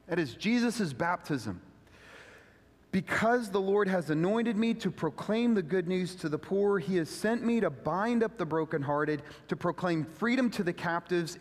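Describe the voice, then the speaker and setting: A male pastor preaches with a high, bright voice. He swings between quiet, careful explanation and loud, fervent declarations. His voice rings out with a long reverb from a church sanctuary. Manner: animated preaching, builds to loud fervent proclamation. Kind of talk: sermon.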